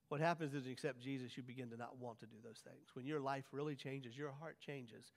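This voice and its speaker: A man preaching a sermon as pastor, swinging from hushed lines to loud, drawn-out emphasis. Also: medium pitch, steady tone. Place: church sanctuary. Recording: long church hall reverb.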